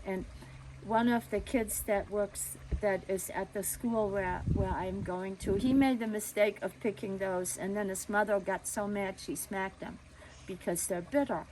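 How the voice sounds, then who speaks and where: A woman telling a story from her childhood in a gentle, conversational way, with small fillers and restarts. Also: medium pitch, steady tone, measured pace, a little hiss or hum, low-quality recording.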